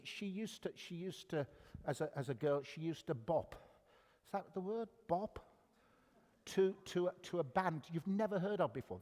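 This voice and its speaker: A man's voice: a little high, in a large hall. An older man giving a conversational sermon with humor, asking the audience questions as he preaches. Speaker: guest preacher. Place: church hall.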